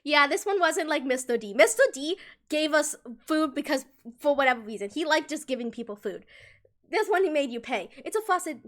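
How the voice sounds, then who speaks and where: Young woman streaming, high voice, swoops all over, rambly and giggly. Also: a little fast. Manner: rambling, animated, restarts and giggles. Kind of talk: casual storytelling on a live stream.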